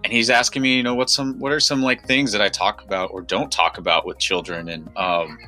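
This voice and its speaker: A man's voice: on the low side, fairly even intonation, a little fast, bright, forceful tone, faint music behind. An American man co-hosting a podcast, telling a story in a rambling, casual way with fillers and restarts. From United States. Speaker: podcast co-host.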